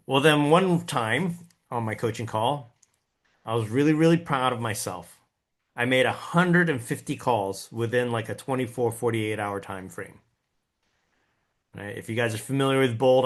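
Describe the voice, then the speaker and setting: A man speaking at an ordinary mid pitch as he teaches a sales class. He talks in a folksy, animated way, acting out his own thoughts and checking in with listeners as he goes. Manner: animated, acts out his own inner voice and quotes; folksy, addresses the audience with tag questions. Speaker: real estate sales coach. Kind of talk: lively class talk.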